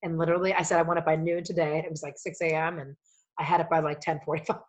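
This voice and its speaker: A woman guest on a coaching podcast, telling personal stories in an animated, emotional way, swearing freely and rambling as she goes. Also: low-pitched, rapid-fire. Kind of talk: casual storytelling conversation.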